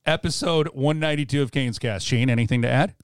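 A man's voice: mid-range voice, fast, smooth, dry recording. A man co-hosting a casual hockey podcast, joking and laughing often. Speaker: podcast co-host.

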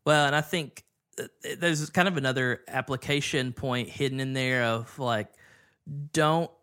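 A man co-hosting a casual Bible study discussion, talking in a relaxed way with lots of fillers and an easy laugh. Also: medium pitch, a little slow, clear, resonant tone. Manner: relaxed and conversational, many fillers, laughs easily. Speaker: podcast co-host.

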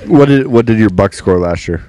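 An easygoing man chats about deer hunting and asks his friend questions. His voice is low and recorded dry. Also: expressive, brisk, dark tone, no room sound. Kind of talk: casual chat.

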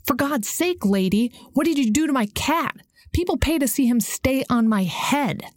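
A woman's voice: high voice, expressive, normal speed, dry recording, pitched above the performer's own voice. A woman narrator voicing an indignant tall man, a street performer whose cat ran off, in a dry recording. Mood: furious. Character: angry tall young man, cat owner.

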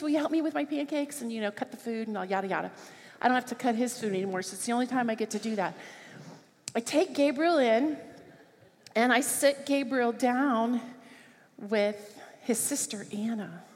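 A middle-aged woman gives a sermon, slipping into a storyteller's rhythm and popping into children's voices as she goes. Her voice sits a little high, and the room around her rings with a long reverb. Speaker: speaker at a church service.

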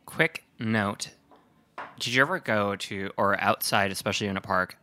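A man co-hosting a casual podcast, chatty and quick to rant, then apologize for it. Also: lowish voice, pushed and bright, a little hiss or hum. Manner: chatty, ranting, self-deprecating. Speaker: podcast co-host. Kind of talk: casual chat.

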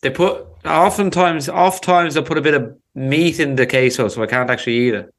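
A man's voice: a little high, fairly quick, fairly bright tone. A man co-hosting a casual podcast, rambling easily through answers and swearing now and then. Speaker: podcast co-host.

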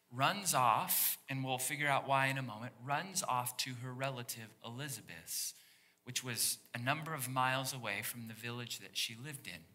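A man's voice: mid-range voice, bright, forceful tone. A man preaching a sermon as pastor, in a conversational way that acts out the voices of the people in the story. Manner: conversational, acts out quoted voices of biblical figures. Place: church sanctuary.

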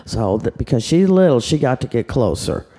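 An older woman tells an improvised bedtime story in a chatty way, tossing in sound effects. Her voice is mellow and swings widely in pitch. She keeps it warm and easygoing. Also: big pitch swings, normal speed, husky, faint music behind. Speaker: storyteller grandmother.

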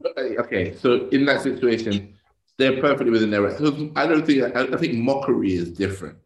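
A man in a sports debate, measured and reasoning, with hesitant restarts. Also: medium pitch, echoey room, lo-fi sound.

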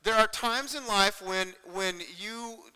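A man preaching in an earnest, conversational way, often pausing to check in with his listeners. His voice sits a bit high and sounds bright and crisp. A long church-hall reverb trails behind his words. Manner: earnest, repetitive, conversational preaching with frequent "okay?" check-ins. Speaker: pastor. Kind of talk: sermon.

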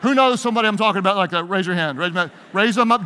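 A man's voice: high-pitched, rapid-fire, bright, forceful tone, slight background noise. A man, a pastor, giving a leadership talk to a live audience, playful and emphatic, leading them in call-and-response. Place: large hall with an audience. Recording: long hall reverb.

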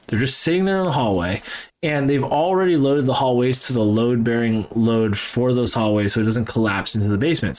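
A man from New Hampshire chatting casually on a podcast, profane and rambling as he tells stories. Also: medium pitch. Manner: profane, rambling, animated storytelling. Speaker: podcast guest, gun business owner. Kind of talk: casual chat.

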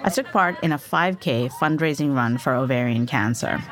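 A woman's voice: a bass voice, animated, moderate pace, a crowd in the background. A woman in her forties narrating her family's story as a podcast host, candid and reflective.

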